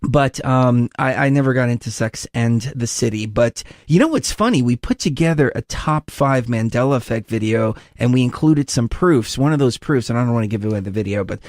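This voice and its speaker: A man hosting an interview show, chatting casually and telling rambling stories in an animated way. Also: medium pitch, a little fast, hardly any pauses, no room sound, clean studio sound. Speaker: host.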